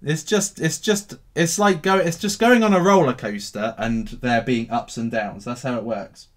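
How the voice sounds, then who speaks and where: A man hosting a casual livestream about crypto, answering viewer questions in a cheeky, animated way. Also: medium pitch, normal speed. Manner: animated and cheeky, swinging between loud bursts and mutters.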